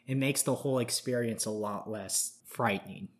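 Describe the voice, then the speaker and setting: A man's voice: mid-range voice, moderate pace. A man co-hosting a casual podcast chat, reminiscing in an easygoing, reflective way. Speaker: podcast co-host.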